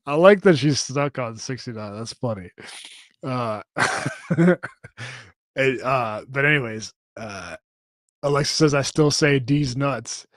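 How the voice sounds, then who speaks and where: A man's voice: mid-range voice, slow pace, pauses often, fairly bright tone, no room sound. A man in his thirties talks loosely into a close, dry podcast microphone. He rambles, swears freely and stumbles over fillers and restarts while he reads out viewer comments. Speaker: podcast co-host. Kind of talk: casual live-stream chat reading comments.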